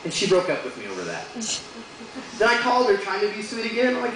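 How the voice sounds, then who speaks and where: A young man with a fairly high voice works through a crude stand-up set, landing his punchlines deadpan. He is picked up from a distance in an echoey bar room, with audible crowd noise and laughter behind him. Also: fast talker. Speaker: stand-up comedian. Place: bar stage with live audience.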